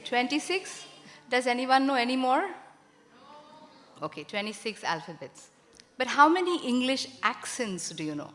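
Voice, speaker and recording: A woman's voice: a little high, very animated, moderate pace, pauses often, fairly bright tone. Woman explaining music to a crowd. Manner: chatty, teacherly, asks the audience questions. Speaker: carnatic vocalist presenting a concert. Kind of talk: explaining music to a live audience. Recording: reverberant concert hall.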